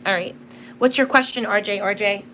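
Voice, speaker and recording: A woman's voice: medium pitch, moderate pace, pushed and bright, slight background noise. A young woman hosting a casual livestream from home, telling stories in a chatty way full of fillers. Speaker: livestream host.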